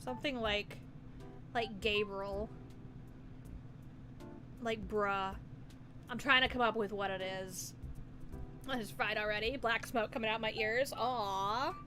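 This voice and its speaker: A woman's voice: mid-range voice, steady tone, slow pace, pauses often, music in the background. A woman streamer in casual live-stream chat, giggly, playful and rambling as she muses aloud.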